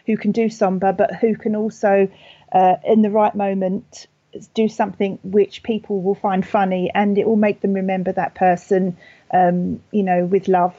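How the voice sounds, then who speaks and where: A British woman working as a funeral celebrant answers questions in a calm, gentle voice. Her tone is warm and mellow, with frequent ums and small restarts as she thinks. The recording is dry and a little dull. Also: medium pitch, normal speed, no echo. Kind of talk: conversational podcast interview.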